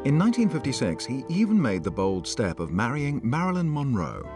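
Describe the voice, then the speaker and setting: A man narrating a scripted documentary with a grave, measured delivery. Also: medium pitch, wildly swooping pitch, over music.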